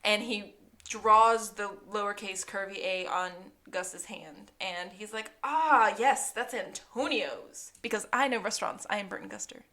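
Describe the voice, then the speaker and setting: A woman's voice: mid-range voice, a little slow. Woman, podcast co-host, casual recap, playful character bits, frequent laughter. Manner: animated, acts out characters' lines while recapping, laughs often.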